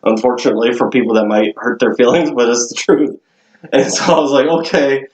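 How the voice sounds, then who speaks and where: A man's voice: mid-range voice, fast talker. Laughing storyteller man in an echoey room. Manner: laughs often, swears, animated retelling. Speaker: podcast co-host. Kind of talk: casual storytelling.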